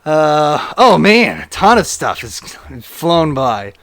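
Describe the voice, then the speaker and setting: A man streaming a game live, chatting casually and reading viewer comments aloud in an animated way. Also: a little high, slow.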